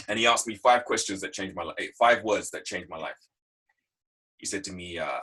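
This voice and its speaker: At a moderate pace, a low-pitched, husky English voice with a sharp tone delivers a motivational talk over a video call. The guest speaker draws on stories from his working life, stressing and repeating his points, and the recording is rough.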